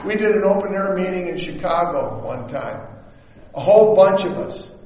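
High-voiced preacher in an echoey hall. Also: male voice, animated, moderate pace, a little mellow. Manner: chatty, checks in with the audience. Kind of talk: storytelling sermon. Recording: echoey hall, dull lo-fi sound.

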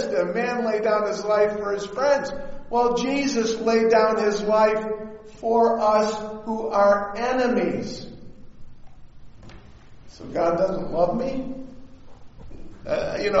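A man preaching a sermon, telling stories in an animated way and quoting scripture in slow, emphatic bursts. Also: sits high. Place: church sanctuary. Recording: echoey hall, dull lo-fi sound.

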